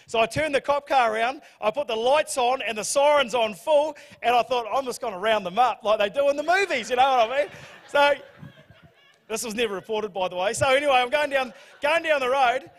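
A New Zealand man preaches to his church, spinning an animated story full of laughter and sudden high shouts. His voice sits notably high for a man. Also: a little fast. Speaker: pastor. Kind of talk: storytelling sermon.

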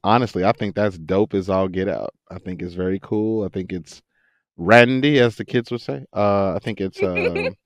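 A man who works as an actor and voice actor, chatting in a podcast interview, telling stories with lots of laughter and quick impressions. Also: deep voice, no room sound. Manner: animated storyteller, laughs often, jumps into quoted voices. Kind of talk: casual interview chat.

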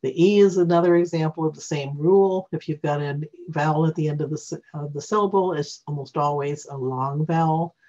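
A reading teacher walking through phonics rules during a screen-recorded software tutorial, thinking aloud and correcting themself along the way. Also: mid-range voice, a little fast, hardly any pauses. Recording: dull lo-fi recording.

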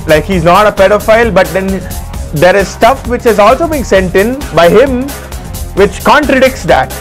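A man playing a hot-tempered tech support hotline host, ranting and swearing in a comedic rant. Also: high-pitched. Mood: irritated.

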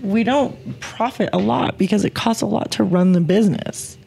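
A woman's voice: mid-range voice, moderate pace, dark tone, a little hiss or hum. A woman co-hosting a casual podcast, chatty and teasing. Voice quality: creaky. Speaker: podcast co-host.

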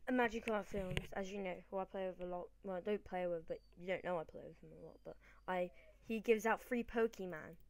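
A British woman who hosts a gaming channel rambles chattily through gameplay commentary, often correcting herself mid-sentence. Her voice is medium-pitched, and there's a little hiss or hum on the recording.

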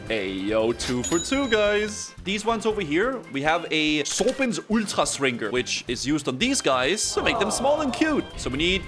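A young man chats his way through a game session in a playful, joking manner, his voice bouncing around a lot. He sits on the higher side for a man, with faint music under him. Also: very animated, a little slow, hardly any pauses, fairly bright tone. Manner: playful, jokey, addresses viewers as guys. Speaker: gaming video host. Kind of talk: casual gameplay commentary.

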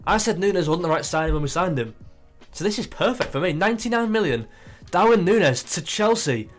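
A young man talks through his football management game in a chatty, excitable way, thinking out loud as he goes. His voice sits a little high for a man, with faint music playing underneath. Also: brisk. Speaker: gaming YouTuber. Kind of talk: casual gameplay commentary.

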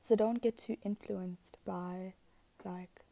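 A woman's voice: medium pitch, fairly even intonation, slow pace, vocal fry, warm tone. A woman giving a casual, rambling astrology talk, giggly and chatty, who swears freely and slips into whispered asides. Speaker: astrology vlogger.

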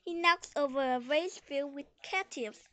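A woman's voice: high voice, moderate pace, pushed and bright. A woman carefully reading a children's story aloud, then asking comprehension questions. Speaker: storyteller and teacher.

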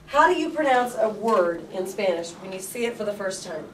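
A woman teaching a Spanish class, asking students questions and drawing words out slowly. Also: medium pitch, expressive, slight background noise. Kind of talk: classroom lesson. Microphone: camera from across the room. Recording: echoey classroom from far off.

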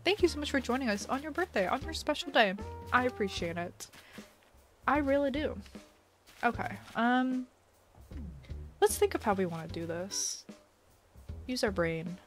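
Young female streamer, chatty and giggly, fairly high voice over quiet music. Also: expressive, normal speed, long pauses. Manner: giggly, chatty, reads chat aloud. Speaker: livestream host. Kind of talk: casual live-stream chat while playing a game.

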